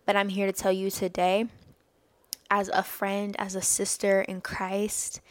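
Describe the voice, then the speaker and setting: A woman's voice: mid-range voice, completely flat delivery, a little slow, no echo. A woman hosting a podcast, giving an earnest, faith-based talk of encouragement and often laughing mid-sentence. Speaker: podcast host.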